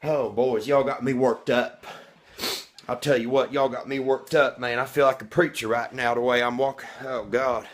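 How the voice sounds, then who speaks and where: A brash redneck bragging straight into his vlog camera, as a man puts him on. He rambles from point to point, boasting crudely and calling himself by name in the third person. His voice sits at an ordinary middle pitch for a man. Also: steady tone, moderate pace, natural voice. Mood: boastful. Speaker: vlogger. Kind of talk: comedic character monologue.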